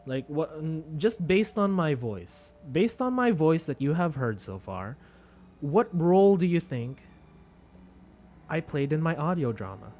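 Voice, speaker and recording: A man's voice: on the high side, very animated, measured pace, a little mellow. A man chatting casually with viewers on a live stream, rambling and self-deprecating. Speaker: VTuber streamer.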